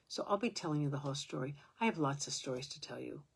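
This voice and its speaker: A woman's voice: deep voice, animated, fast, creaky, slightly rough. An older woman at home, talking to her own camera in a rambling, aggrieved way, with many fillers. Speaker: vlogger. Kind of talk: casual talk to camera.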